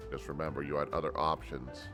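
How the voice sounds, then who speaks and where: A man voicing a gruff, hard-boiled older detective with tough, clipped talk. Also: very deep voice, level tone, a little fast, over music.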